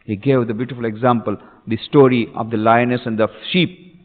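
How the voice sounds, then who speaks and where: A man's voice: medium pitch, steady tone, brisk. A man, a monk, giving an impassioned spiritual discourse with phrases repeated for emphasis. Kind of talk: sermon. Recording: tinny recording in an echoey hall.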